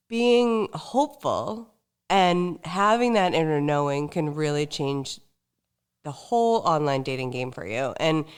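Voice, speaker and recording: A woman's voice: fairly low pitch, clear, resonant tone. A woman hosting a dating podcast, enthusiastic and affirming toward her guest. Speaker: podcast host. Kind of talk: podcast interview.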